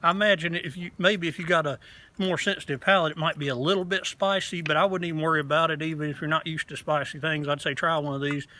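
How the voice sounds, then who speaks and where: A man's voice: a little high, steady tone, fast talker, pushed and bright. A man hosting his own casual beer review vlog, talking in a rambling, frank way and swearing casually. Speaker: beer reviewer, channel host. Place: outdoors.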